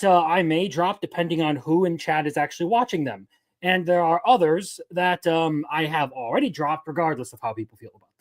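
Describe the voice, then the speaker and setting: Profane man hosting a livestream. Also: on the high side. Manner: profane, loud outbursts and laughter. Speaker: livestream host. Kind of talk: casual livestream chat.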